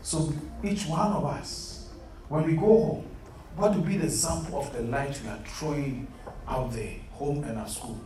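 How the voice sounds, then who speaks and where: A man's voice: a little high, unhurried, mellow. Earnest male preacher, echoey room. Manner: earnest, quizzes listeners, repeats "beloved". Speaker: Bible study leader. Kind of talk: interactive sermon to a youth group. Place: room set up with chairs. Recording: echoey room, mic far off, faint hum.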